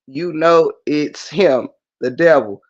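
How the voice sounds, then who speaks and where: Man, high voice, muffled stream audio, animated preachy livestream host. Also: takes it slowly. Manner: animated preachy talk, addresses viewers directly. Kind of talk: casual livestream chat.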